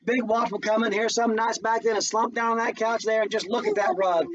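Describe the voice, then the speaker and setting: Guy doing an old mama, firm and tired, folksy talk, pitched up high, muffled far-off recording. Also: flat delivery. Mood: wistful. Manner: slow, folksy dialect. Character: aging mother, devout, firm and weary. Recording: distant muffled home recording, faint noise.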